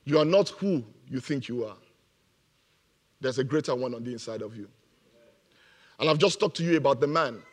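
A man's voice: mid-range voice, moderate pace, long pauses. A man preaching a motivational sermon, emphatic and repeating his key phrases, laughing now and then at his own jokes.

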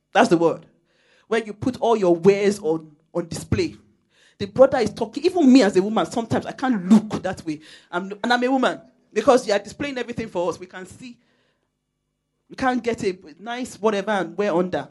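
Nigerian woman preacher, animated storyteller, emphatic and quick to laugh in church. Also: fairly high pitch. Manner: lively, storytelling, laughs often, emphatic exhortation. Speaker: church speaker. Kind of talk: sermon.

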